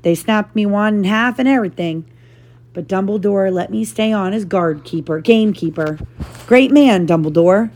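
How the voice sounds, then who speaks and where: A woman reading a novel aloud to her child, lively and animated, with brief asides. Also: mid-range voice, normal speed.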